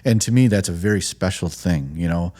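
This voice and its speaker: Deep-voiced earnest Midwestern man. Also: a little fast, warm tone. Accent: Midwestern American. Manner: earnest, reflective, trailing restarts. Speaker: tattoo studio owner, guest. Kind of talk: casual podcast conversation.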